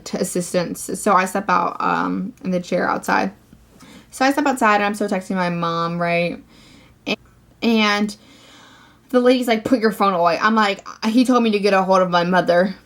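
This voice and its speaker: A teenage girl vlogger with a gravelly, mid-range voice rants through a storytime at normal speed. She swears often and says "like" constantly, packing in filler.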